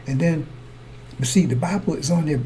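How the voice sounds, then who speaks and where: A man with a fairly high, dark-toned voice preaches a sermon at normal speed over slight background noise. He talks in circles, repeats himself, and keeps checking that his brothers and sisters in the congregation are following along.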